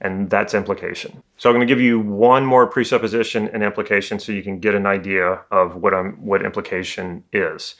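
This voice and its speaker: A man working as a communication coach, giving a calm, conversational educational talk. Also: on the low side, brisk, few pauses.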